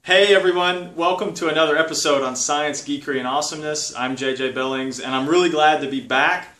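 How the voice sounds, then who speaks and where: A man hosting a casual home vlog, enthusiastic and excitable, talking in his dining room during a party. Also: on the high side, brisk. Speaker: video host. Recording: roomy sound from a distance.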